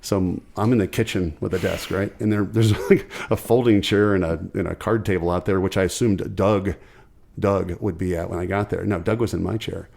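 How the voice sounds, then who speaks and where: Fast-talking, gravelly low-voiced man telling stories. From Ohio, USA. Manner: animated storyteller, quick and chatty, acts out quotes. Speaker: podcast guest, musician. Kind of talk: casual storytelling chat.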